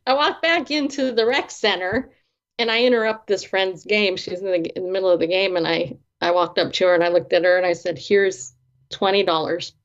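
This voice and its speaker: A woman's voice: mid-range voice, fairly even intonation, a little fast. A woman who is a Christian therapist and author, guesting on an interview. She tells personal stories expressively, laughing often and acting out the dialogue. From not from the American South. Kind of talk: animated personal storytelling. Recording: dull lo-fi audio.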